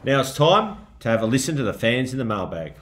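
An Australian man hosting a podcast, relaxed and easygoing in casual chat. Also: medium pitch, fairly quick, slight background noise. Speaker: podcast host. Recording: roomy echo.

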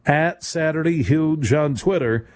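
A man hosting a sports talk radio call-in show in a studio, talking in an emphatic, rambling, conversational way and leaping up in pitch to stress a point. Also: unhurried, a little mellow. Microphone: studio microphone.

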